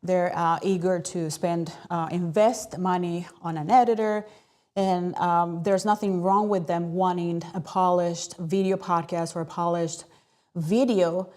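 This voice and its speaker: A woman hosting a live stream, talking in an energetic, chatty way with plenty of fillers. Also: lowish voice, unhurried. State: out of breath. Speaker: host.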